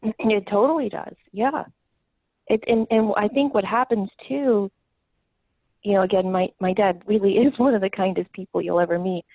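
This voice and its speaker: A woman's voice: mid-range voice, moderate pace, no echo. A woman hosting a podcast who talks candidly about her family and laughs often. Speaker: podcast host. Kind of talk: casual conversation. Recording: tinny phone-like line, dry.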